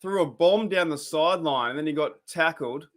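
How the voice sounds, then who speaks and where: An Australian man hosting a live sports reaction stream, chatting casually and rambling, with bursts of excitement at the plays. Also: fairly high pitch, moderate pace.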